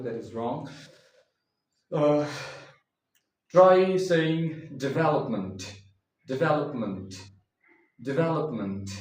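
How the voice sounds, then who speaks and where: A man teaching English pronunciation, saying each word slowly and repeating it several times so the listener can copy him. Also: mid-range voice, darkish tone. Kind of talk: slow, deliberate pronunciation lesson. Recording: echoey room, distant mic, faint hiss.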